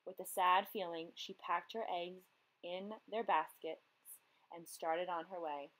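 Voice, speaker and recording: Woman teacher reading a picture book aloud; gentle, expressive, talks to young readers. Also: fairly low pitch, takes it slowly, poor audio. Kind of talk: children's story read-aloud.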